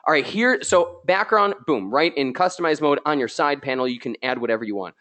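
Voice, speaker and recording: A man hosting a live software tutorial, excitable and chatty, joking with his viewers, a little tired from being ill. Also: on the high side, fairly quick. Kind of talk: live screen-share tutorial.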